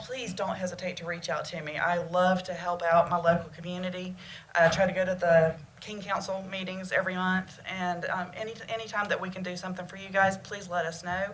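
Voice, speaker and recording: A woman's voice: fairly low pitch, fairly even intonation, brisk, fairly bright tone. A woman with a Southern accent introducing herself as a branch library manager at a public meeting, earnest and heartfelt. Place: meeting room. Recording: roomy meeting-room sound with faint noise.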